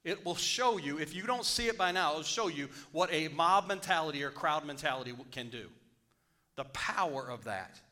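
Bright-voiced male pastor preaching. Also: on the high side, lively intonation, moderate pace. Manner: reads scripture then preaches, swinging from hushed to loud; repeats phrases for emphasis. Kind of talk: sermon.

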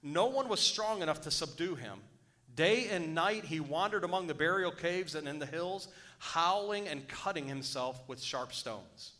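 A man's voice: fairly high pitch, expressive, moderate pace, bright, forceful tone. A man preaching a sermon, reading scripture aloud and breaking off to exhort his listeners. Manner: rises to urgent exhortation. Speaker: pastor.

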